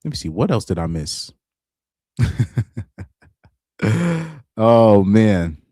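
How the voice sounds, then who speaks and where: Deep-voiced man chatting on a livestream. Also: takes it slowly, mellow, no room sound, studio quality. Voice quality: deep voice he calls super villain-like. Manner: laid-back, laughs often, trails off and restarts. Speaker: reaction streamer. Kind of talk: casual livestream commentary.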